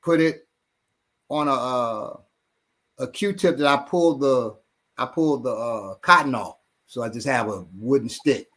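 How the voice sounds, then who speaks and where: Mid-range and fairly bright, this man's voice moves a little slowly as he co-hosts a laid-back podcast. A self-defense trainer, he rambles, repeats words, drops the odd swear word, and laughs readily.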